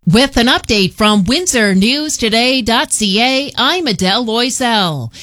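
A woman anchoring a local radio newscast, reading in a crisp, measured way. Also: a little high, expressive, a bit bright, dry recording, studio quality. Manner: crisp measured news read. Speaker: news anchor.

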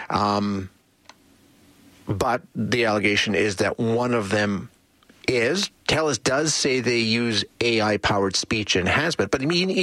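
A man's voice: mid-range voice, pushed and bright, no echo. A man hosting a talk radio show, chatting casually with frequent restarts and fillers.

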